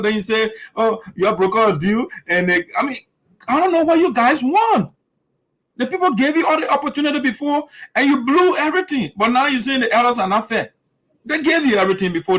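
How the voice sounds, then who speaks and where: A man's voice: extremely high pitch, fairly bright tone, poor audio. A man hosting heated political commentary, emphatic and repetitive, often mimicking his opponents' lines. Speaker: show host.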